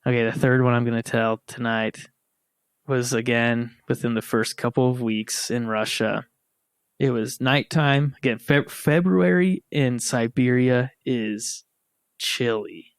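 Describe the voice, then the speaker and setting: American podcast host, casual storyteller, dry close sound. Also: male voice, medium pitch, a little slow, smooth, dry recording. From United States. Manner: animated storyteller, laughs and acts out quotes. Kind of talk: casual storytelling among siblings.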